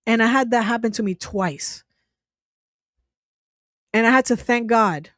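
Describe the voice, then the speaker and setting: A woman's voice: on the high side, unhurried, a bit bright, no echo, clean studio sound. A woman hosting her own channel, telling a personal story in casual talk. She is emotional, restarts often and laughs now and then as she speaks. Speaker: channel host.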